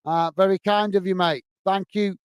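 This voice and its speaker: A man hosting a casual live stream, reading out viewers' chat messages and thanking each by name, calling everyone mate and filling pauses with uhs. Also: sits high, steady tone, a little hiss or hum. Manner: friendly, calls everyone mate, many filler uhs.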